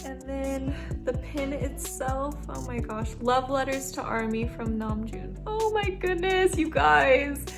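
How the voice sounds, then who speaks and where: A woman with a high, bright-sounding voice talks through an unboxing video, gushing with excitement and exclaiming over every detail. Music plays behind her. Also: takes it slowly, few pauses. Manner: gushing, excitable, lots of "oh my gosh". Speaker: vlogger.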